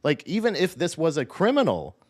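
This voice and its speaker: A man's voice: a little high, huge pitch swings, fairly quick. A man co-hosting a podcast in casual chat. He talks in a heated, rambling way and swears a lot. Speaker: podcast co-host.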